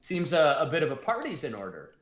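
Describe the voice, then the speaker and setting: A man voicing a middle-aged male innkeeper who speaks in measured, halting phrases. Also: on the high side, wildly swooping pitch, roomy sound. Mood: grateful.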